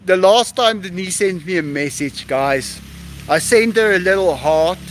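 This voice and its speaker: A man's voice: sits high, fairly bright tone. A man hosting a casual live stream outdoors on a rooftop, effusive and laughing often as he reads out donations.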